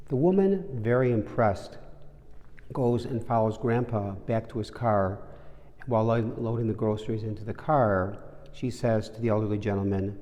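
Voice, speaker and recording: Priest with a mellow voice in a cathedral. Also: male voice, fairly low pitch, moderate pace, highs cut off. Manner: warm storytelling, conversational. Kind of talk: sermon reflection. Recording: long reverb of a large cathedral.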